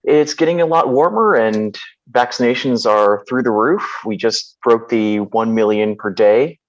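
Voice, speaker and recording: A man's voice: mid-range voice, measured pace, highs cut off. An American man, a soccer commentator, asking a hesitant question with many ums over a video call. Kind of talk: question in an online Q&A.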